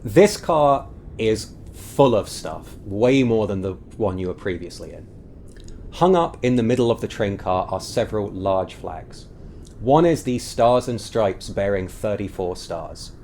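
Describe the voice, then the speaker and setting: A man's voice: on the low side, lively intonation, a little slow, darkish tone, a little hiss or hum. A man running a tabletop game as game master, describing scenes at length with frequent fillers.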